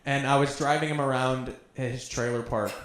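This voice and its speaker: A man's voice: medium pitch, steady tone, normal speed, a bit bright. A man doing a stand-up set, telling crude stories in a conversational way. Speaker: stand-up comedian. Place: comedy club stage. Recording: roomy club sound.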